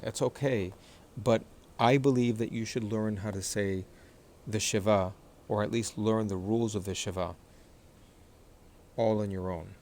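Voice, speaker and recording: Patient man teaching reading, low voice. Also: a little mellow, a little hiss or hum. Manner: patient, repeats words slowly for practice. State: clears throat often after recent illness. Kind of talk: explanatory lesson, screen-sharing.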